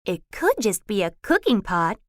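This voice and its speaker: A woman's voice: mid-range voice, very animated, normal speed, dry recording, clean studio sound, close to an everyday voice. A woman voicing Rachel, a cautious and doubtful young girl in a storybook, sometimes breathless. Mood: wondering.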